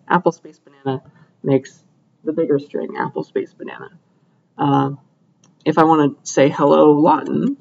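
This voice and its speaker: A young man lecturing in a room, upbeat and often pausing to check the class is following. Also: on the high side, vocal fry, darkish tone, highs cut off, slight background noise. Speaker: computer science lecturer.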